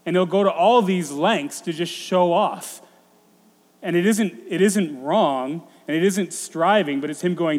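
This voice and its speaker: A man's voice: sits high, a little mellow. Reflective male preacher in an echoing hall. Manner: reflective, halting with frequent restarts. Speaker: pastor. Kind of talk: sermon. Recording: long hall reverb.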